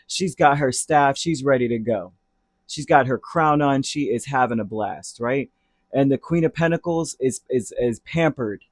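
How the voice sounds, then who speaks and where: A man's voice: medium pitch, darkish tone, dry recording. A man giving a casual tarot reading, talking in a rambling, chatty way that drifts into heated asides. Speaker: tarot reader.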